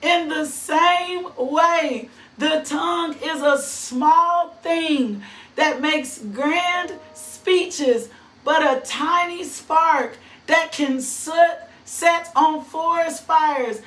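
A high-voiced woman delivers an impassioned sermon with fervor, reading scripture verses aloud and repeating phrases in slow, drawn-out words. Between lines she bursts into sudden shrill whoops and shouts. She's set back from the microphone, recorded from a distance in an echoing room.

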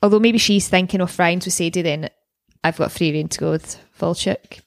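Recapping a TV episode with her podcast co-host, a young woman talks casually, curses freely and performs lines from the show. Her voice is lowish and gravelly at normal speed, in a dry, studio-quality recording.

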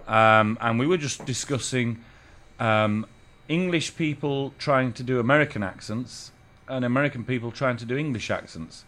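Man, radio host, bright voice, casual chatty banter, hesitant fillers. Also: medium pitch, normal speed. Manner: playful, hesitant with fillers, jumps into impressions.

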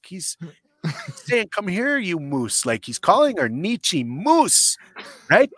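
A man from Canada, telling a comedic story in a rambling, blunt and profane way, breaking into shouted impressions. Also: sits high, very animated, unhurried, no echo, clean studio sound.

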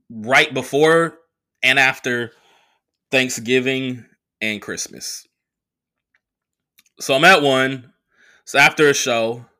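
A young man, a comedian from the Bay Area, telling a profane, animated story in casual talk and acting out the voices he quotes. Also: mid-range voice. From San Francisco Bay Area. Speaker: comedian podcast host.

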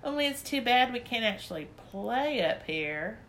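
A woman's voice: on the high side, big pitch swings, normal speed, a bit bright, a little hiss or hum, voice pushed up. Woman doing an eager, chatty little girl. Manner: eager, plain-spoken. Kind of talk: storybook reading.

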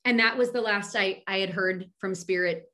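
A woman's voice: medium pitch, moderate pace, bright, forceful tone. A middle-aged woman from Philadelphia, a medium being interviewed, talking chattily with frequent restarts and fillers. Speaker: medium, podcast guest. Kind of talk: casual interview conversation.

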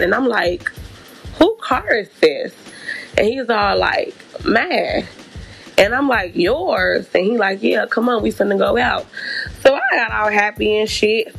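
A woman telling a personal story in a casual, animated and profane storytime monologue. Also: medium pitch, creaky. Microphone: podcast mic.

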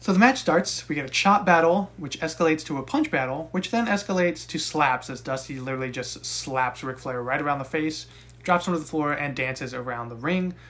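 A young man co-hosting a casual podcast, recapping a wrestling match with profane, animated rants. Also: on the high side, brisk, slight background noise. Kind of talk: casual chat.

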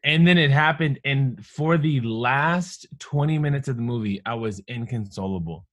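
A man's voice: medium pitch, moderate pace, a bit bright, dry recording. A man in his thirties, a married father, talking casually and reflectively on a podcast, in long earnest phrases. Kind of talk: casual chat.

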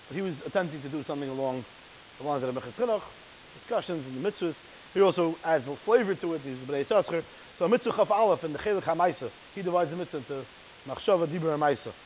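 A man giving a Torah class in an animated, fast yeshiva cadence, his talk full of Hebrew terms. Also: a little high. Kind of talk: Torah lecture. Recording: tinny phone-like line with hiss.

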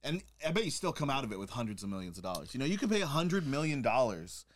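A man's voice: medium pitch, very animated, fast talker, slight background noise. A young man co-hosting a podcast in casual chat, joking and swearing, breaking into silly voices. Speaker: podcast co-host.

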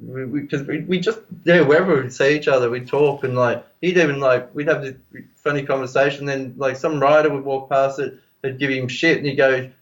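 A man's voice: medium pitch, fairly even intonation, a little fast, few pauses. An Australian man, a podcast guest, telling a long rambling story with plenty of swearing, fillers and restarts. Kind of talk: casual storytelling.

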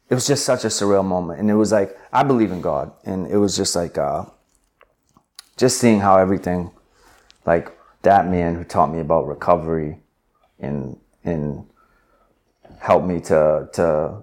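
A young adult man, an interview guest, telling a personal story in an animated way with many filler words. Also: low-pitched. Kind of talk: conversational storytelling.

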